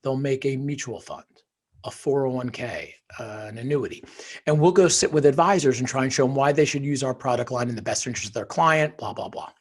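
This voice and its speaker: A middle-aged man from northern New Jersey tells his story with animated, emphatic, motivational energy. His voice is husky and a little breathy, sitting at a middling pitch. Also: fairly quick. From northern New Jersey, USA. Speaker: podcast guest, author and financial wholesaler. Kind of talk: casual storytelling interview.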